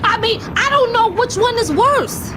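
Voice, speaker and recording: A woman co-hosting a casual podcast, her voice sitting high. She talks to her viewers directly in an animated, playful way and keeps breaking into laughter. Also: moderate pace, background noise. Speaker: co-host of a podcast. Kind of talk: casual chat to a live audience.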